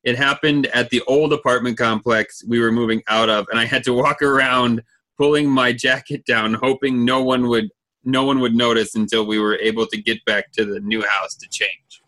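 A man's voice: mid-range voice, steady tone, moderate pace, pushed and bright. A man hosting a podcast, chatting in an easygoing, reassuring way and reading out listener messages. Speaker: podcast host. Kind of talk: casual chat.

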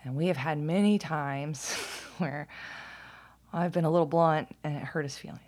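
A woman with a deep, low-pitched voice talking in a loose, casual monologue. She is candid and blunt, swears freely and laughs often. Now and then she sinks to a near whisper. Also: normal speed, a little mellow.

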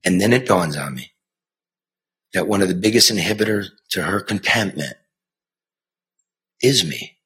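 A middle-aged man, a former TV news reporter, telling a personal story in an earnest, conversational way, moving from hushed to impassioned. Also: low voice, animated, moderate pace, long pauses. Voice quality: raspy. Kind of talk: earnest spoken storytelling and banter.

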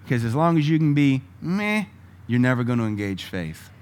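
A man preaching a sermon, moving between loud emphatic lines and quiet asides and chuckling with the congregation. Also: medium pitch, sing-song, normal speed. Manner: laughs often, conversational asides to the congregation.

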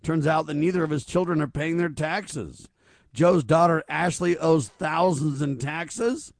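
On his conservative talk radio show, a man speaks emphatically and piles up one rhetorical question after another. His voice sits a little high and his pace is measured. The recording is studio quality with no echo.

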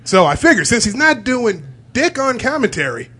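A high-pitched man talks through a joke pitch in a casual comedy chat. He delivers it playfully, in a mock-serious tone. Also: sing-song, normal speed, sharp tone, husky.

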